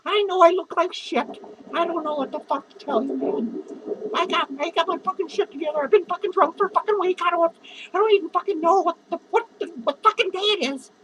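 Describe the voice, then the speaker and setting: Squeaky-voiced drunk clown, male, self-pitying and foul-mouthed, slurred comic rant. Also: brisk, pushed and bright, a little hiss or hum, low-quality recording. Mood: drunk rambling. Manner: slurred, rambling, profane, giggling. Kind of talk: comedic character monologue.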